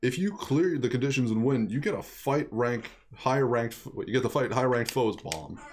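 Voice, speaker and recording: A man voicing a gruff male video game brawler who keeps tacking a tic word onto his sentences. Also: medium pitch, lively intonation, normal speed, darkish tone, a little hiss or hum, close to an everyday voice. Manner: drops a repeated word tic.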